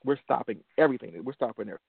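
A gravelly-voiced man from Detroit tells a personal story in an earnest, motivational way, circling back on key phrases. The sound is dry and narrow, like a phone line, with no room around him. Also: medium pitch, fast, no room sound. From Detroit, USA. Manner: earnest, repeats phrases for emphasis. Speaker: motivational show host.

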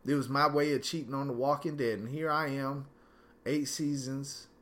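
Angry, bright-voiced man ranting solo. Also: mid-range voice, steady tone, normal speed. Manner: angry, profane ranting with slang. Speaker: podcast host. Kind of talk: solo podcast rant. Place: at home.

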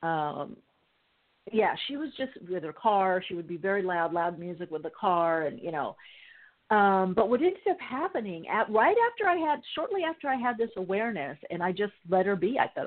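A woman hosting a call-in radio show as a mystic healer, telling stories with animated quoted voices. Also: medium pitch, normal speed. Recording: narrow phone-like sound.

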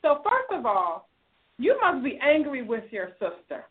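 A woman's voice: high voice, wildly swooping pitch, measured pace. A woman hosting an advice talk show, reading a listener's email and scolding the writer in an emphatic, sermon-like way. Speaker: relationship talk show host. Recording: tinny phone-like sound.

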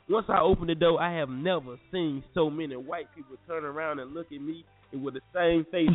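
A young man from North Carolina, animated and slangy, telling a story to listeners as a podcast host. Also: fairly high pitch, a little fast, hardly any pauses. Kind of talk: casual storytelling. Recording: phone-like lo-fi audio with faint music.

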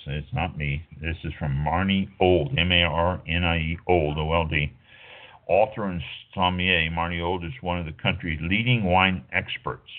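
A deep-voiced middle-aged man hosts a wine talk show, drifting from point to point with plenty of "uh"s and quick self-corrections. His voice comes through a thin, phone-like line. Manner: rambling, filler-heavy, self-correcting. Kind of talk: casual talk radio monologue.

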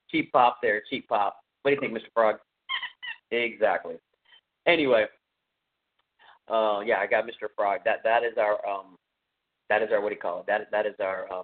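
A man's voice: fairly low pitch, fairly even intonation, normal speed, long pauses. A man hosting a podcast who retells a film scene in a casual, rambling, enthusiastic way, with many fillers. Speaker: podcast host. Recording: tinny phone-like sound.

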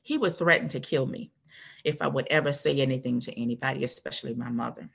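A woman guest telling her own story in an earnest, measured way, with a husky voice. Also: very deep voice, highs cut off. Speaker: interview guest. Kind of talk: personal testimony.

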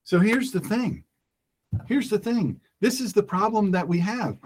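A man's voice: high-pitched, unhurried, darkish tone, slight background noise. A man hosting a radio call-in show, ranting emphatically and repeating his points. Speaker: talk radio host. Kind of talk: opinionated radio monologue.

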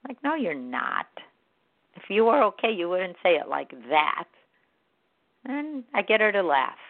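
A woman's voice: mid-range voice, big pitch swings, measured pace. A woman hosting a motivational podcast who talks straight to her listeners and acts out her own inner voices. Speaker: podcast host. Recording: dry, phone-like audio.

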